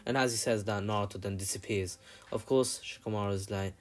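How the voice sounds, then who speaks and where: A man's voice: fairly low pitch, flat delivery, fast talker, faint music behind. A young man casually retelling an anime fan story, rambling with many fillers and the odd swear. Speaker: channel narrator.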